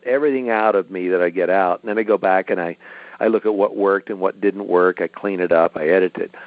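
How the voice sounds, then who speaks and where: A middle-aged man, an author being interviewed, explaining his work in a relaxed, storytelling way. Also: fairly low pitch, dry recording. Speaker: author guest. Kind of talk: interview over a phone line. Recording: tinny dry phone line.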